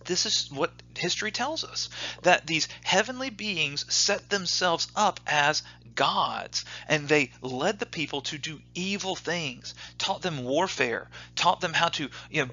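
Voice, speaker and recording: A man teaching a church Bible class, lively and questioning, reading scripture aloud. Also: on the high side, breathy edge. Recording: dull lo-fi recording.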